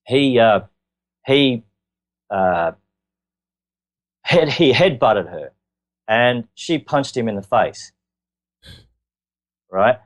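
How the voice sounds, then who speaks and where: Speaking in a mid-range voice, this interview guest has an Australian accent. He recounts his own story in an earnest, halting manner full of fillers.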